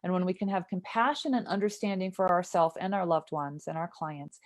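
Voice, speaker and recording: A woman with a lowish voice speaks as a somatic trauma therapist in an interview. She explains things earnestly and keeps checking that the listener follows. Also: brisk.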